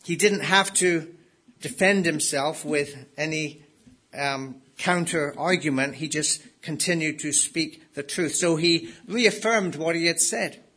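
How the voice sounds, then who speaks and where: A man's voice: fairly high pitch, slow, bright, forceful tone, breathy edge. A man preaching a sermon in an emphatic way, repeating key words for stress.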